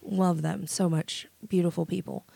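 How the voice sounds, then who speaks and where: A woman's voice: fairly low pitch, fairly even intonation, normal speed, gravelly, warm tone, no echo. Chatty woman co-host, dry close mic. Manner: chatty, swears freely, giggles a lot. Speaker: podcast co-host. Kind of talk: casual chat.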